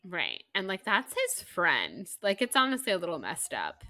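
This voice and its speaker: An animated woman co-hosting a chatty book podcast. Her voice is bright and forward, recorded close and dry with no room sound. She laughs easily and keeps a quick, playful rhythm. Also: lowish voice, no room sound. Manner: animated, laughing often, breaks into playful impressions. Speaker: podcast co-host. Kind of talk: casual chat about books and movies.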